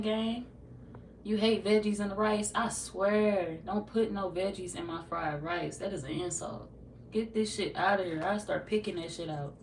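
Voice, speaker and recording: A young woman with a St. Louis accent, chatting casually with her livestream viewers, loose, profane and joking. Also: medium pitch. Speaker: tarot livestream host. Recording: roomy, distant from the mic, light noise.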